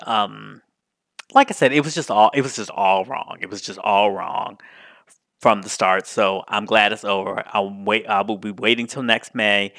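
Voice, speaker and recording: Animated, profane male podcast host. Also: medium pitch, dry recording, studio quality. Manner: animated, profane, mocking impressions. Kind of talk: casual solo commentary.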